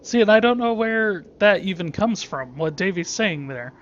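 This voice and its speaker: A man's voice: high-pitched, expressive, normal speed, fairly bright tone, muffled recording, a little hiss or hum. A man giving casual let's-play commentary, rambling and thinking aloud with many restarts.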